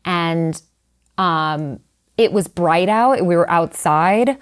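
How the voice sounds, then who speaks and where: Chatty woman, lowish voice. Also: takes it slowly, smooth. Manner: candid, animated, many "like" and "you know" fillers. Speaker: guest writer. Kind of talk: conversational storytelling.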